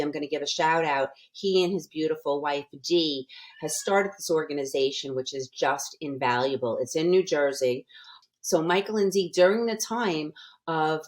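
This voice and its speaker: Older female podcast guest, low-pitched, earnest and emphatic. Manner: earnest, emphatic, with frequent restarts. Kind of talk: casual podcast conversation.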